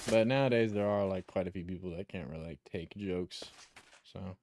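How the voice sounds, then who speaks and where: A man's voice: low-pitched, fairly quick, darkish tone. Rambling, swearing young male streamer. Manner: rambling, profane, chuckles while telling stories. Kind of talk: casual chat while gaming.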